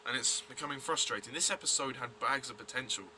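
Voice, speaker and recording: Blunt male reviewer, tense bright voice, faint hiss behind. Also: medium pitch, fast. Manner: blunt, rambling, many fillers and restarts. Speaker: TV episode reviewer. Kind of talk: casual review vlog.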